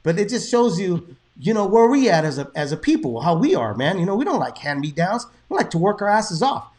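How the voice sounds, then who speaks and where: A man in his thirties with a fairly high voice. He hosts a boxing show in a laid-back, chatty way, swearing freely as he tells stories. He slips into Spanish now and then. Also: big pitch swings, brisk, a little mellow. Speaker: boxing podcast host. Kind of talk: casual chat.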